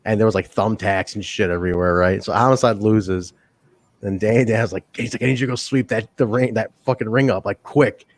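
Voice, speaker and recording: A man's voice: on the low side, steady tone, fairly quick, no room sound. A man co-hosting a casual podcast chat, telling profane backstage stories and acting out quotes in funny voices. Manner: profane storyteller, acts out quotes. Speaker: podcast co-host.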